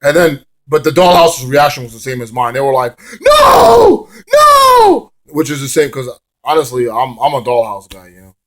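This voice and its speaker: A man's voice: mid-range voice, a little fast, few pauses. A man casually reviewing a wrestling show in a rambling, swear-laced manner, drifting into hummed song bits.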